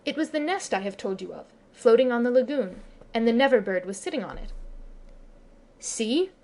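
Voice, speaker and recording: A woman narrating a classic children's story as an audiobook reader, with expressive storytelling. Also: fairly high pitch, fast talker. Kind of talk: scripted narration.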